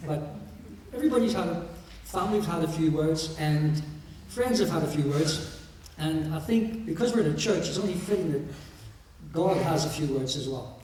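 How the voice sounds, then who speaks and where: A man's voice: fairly high pitch, a little mellow, slight background noise. A middle-aged man leading a memorial service as minister, preaching and explaining with light joking asides. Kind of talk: sermon. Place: church. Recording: echoey church from far off.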